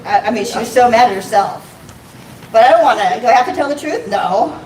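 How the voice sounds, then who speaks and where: A female comic with a slightly high, animated voice and a darkish tone moves fairly quickly through her club set. She's self-deprecating, swears, and laughs at her own jokes, heard from a distance in a noisy, echoing room.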